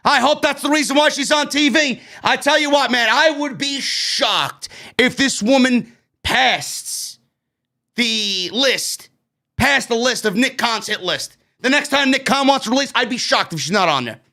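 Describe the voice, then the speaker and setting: A man with a New York accent tears into a wrestling show in a loud, profane rant. His voice sits high and bright, and it swings widely in pitch as he yells and then drops low. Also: expressive, unhurried. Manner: loud profane ranting, frequent shouting. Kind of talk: ranting show review.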